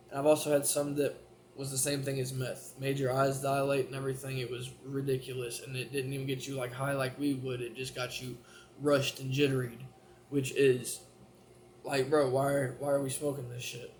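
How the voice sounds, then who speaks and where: A man's voice: mid-range voice, little pitch movement, moderate pace, slight background noise. A man telling a personal story straight to camera in a rambling, profane way, full of restarts. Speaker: vlogger.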